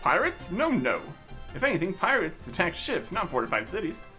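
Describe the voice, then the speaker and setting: A man's voice: high voice, wildly swooping pitch, normal speed, sharp tone, soft background music, heavily acted. Man reading a grim undercover knight. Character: grim male knight disguised as pirate.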